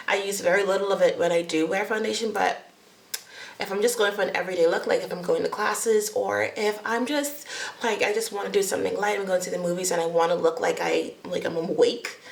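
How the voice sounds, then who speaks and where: A woman's voice: medium pitch, creaky, reverberant. A young woman from the Bahamas, chatting to camera as a beauty vlogger, rambling and laughing at herself. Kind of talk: casual chat to camera.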